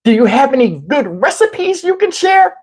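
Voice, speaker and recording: A man voicing a prim, pretentious woman who keeps butting in, with an affected, drawn-out way of talking. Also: very high voice, sing-song, a little mellow, pitched above the performer's own voice. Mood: sweetly prying.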